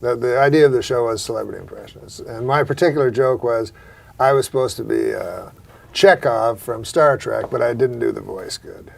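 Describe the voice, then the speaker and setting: A male host telling rambling, profane stories in a deadpan way during a casual comedy chat. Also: mid-range voice, fairly quick, creaky.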